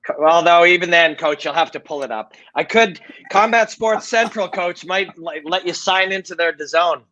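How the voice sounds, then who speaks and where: A man hosting a casual watch-party chat, chatty and quick to laugh. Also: fairly high pitch, bright, forceful tone, highs cut off.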